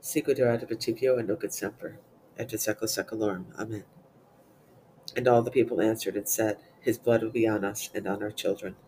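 A man reciting psalms and liturgical prayers in a steady, measured way. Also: lowish voice, slight background noise, rough recording. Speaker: prayer reader.

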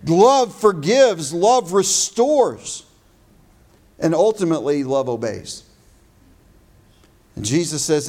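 High-voiced emphatic male pastor preaching. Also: animated, darkish tone. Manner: emphatic preaching with slowed, stressed phrases. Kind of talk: sermon.

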